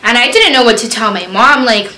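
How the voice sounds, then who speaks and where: Young woman chatting a storytime vlog, lots of "like", bright voice, roomy echo. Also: a little high, animated, a little fast. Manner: chatty, full of fillers, reenacts her own panicked quotes. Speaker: vlogger. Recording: echoey room.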